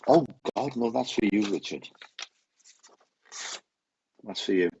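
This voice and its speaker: A man giving live psychic readings on a stream, talking haltingly, repeating phrases and getting emotional. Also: fairly low pitch, expressive, mellow, muffled recording, slight background noise. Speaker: psychic medium host.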